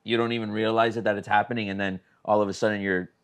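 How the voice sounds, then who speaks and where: A male podcast host talking in a relaxed, reflective, casual way. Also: on the low side, fast. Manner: relaxed, reflective, backchannels often. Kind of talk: casual chat.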